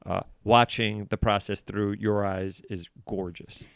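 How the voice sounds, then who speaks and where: A man in his forties, a comedian guest on a podcast, telling animated stories and acting out what people said. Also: on the low side, a little slow, creaky, dry recording, clean studio sound. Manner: animated storytelling, acts out quotes. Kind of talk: casual podcast conversation.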